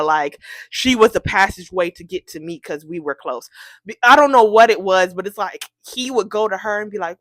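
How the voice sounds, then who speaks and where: A woman telling a storytime tale in an animated, incredulous way, acting out the people she quotes. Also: medium pitch, no echo. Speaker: storytime vlogger. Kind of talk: casual storytime.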